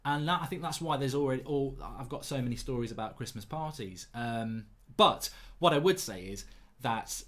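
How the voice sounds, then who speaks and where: Man, thirties, mid-pitched voice, lively anecdotes, teasing jibes. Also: moderate pace. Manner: cheeky, animated anecdotes with mocking jibes. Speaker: podcast host. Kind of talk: casual storytelling.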